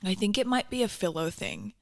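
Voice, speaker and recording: A woman's voice: medium pitch, creaky. Chatty young woman telling stories. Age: 20s. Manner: chatty, animated storytelling with quick asides. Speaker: podcast host. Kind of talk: casual chat.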